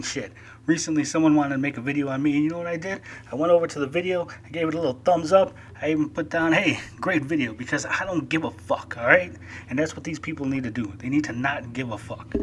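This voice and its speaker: A man's voice: on the high side, a little hiss or hum. Profanity-heavy ranting man. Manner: profane, heated, emphatic. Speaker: YouTuber. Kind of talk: angry rant.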